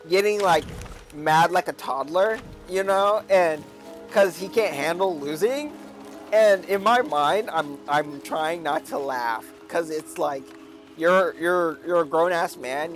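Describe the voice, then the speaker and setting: A man streaming a game, telling a rambling story in a casual way, tagging his sentences with "like" and "right?". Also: on the high side. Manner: rambling, with many "like" and "right?" tags. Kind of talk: casual storytelling while gaming.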